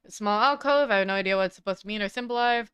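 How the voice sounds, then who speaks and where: A woman's voice: medium pitch, racing, fairly bright tone, clear, resonant tone, dry recording. A woman streamer reading a game's text aloud with casual, wry asides into a close microphone. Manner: casual, wry asides between read lines.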